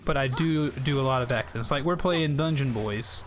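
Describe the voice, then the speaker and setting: US guy, young, game streamer, talks loosely and straight to chat, mid-pitched voice. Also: moderate pace. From South Carolina, United States. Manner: rambling, chatty, addresses viewers directly. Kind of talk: casual live-stream chat while playing.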